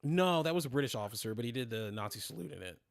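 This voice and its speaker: A man's voice: medium pitch, lively intonation, rapid-fire, vocal fry. A man in his twenties hosting a casual livestream chat, rambling and profane, full of fillers and restarts. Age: 20s. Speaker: streamer host.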